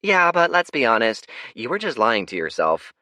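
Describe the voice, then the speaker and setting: A man's voice: medium pitch, sing-song, moderate pace, pushed and bright, dry recording, studio quality. A man doing a blunt, teasing young woman. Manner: matter-of-fact, bluntly teasing.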